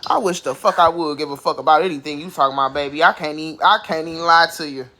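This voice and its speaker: A woman's voice: low-pitched, fast, bright, forceful tone. A woman giving blunt, profane and scornful commentary on a live stream through a phone mic. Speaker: livestream commentator.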